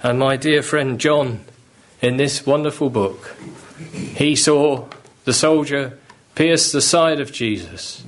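Male preacher, unhurried, earnest, faint ambience. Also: medium pitch, slight background noise. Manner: earnest, pleading, rising with fervour. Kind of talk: sermon.

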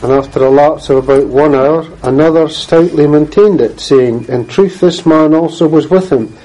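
A man reading scripture aloud and then preaching, in a measured, earnest way, often clearing his throat. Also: a little high, warm tone, low-quality recording.

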